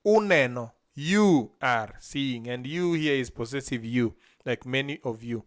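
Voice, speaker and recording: A male language teacher with a medium-pitched voice and lively intonation speaks a little slowly. During a live stream he sounds out vocabulary syllable by syllable, prompting a learner to repeat after him.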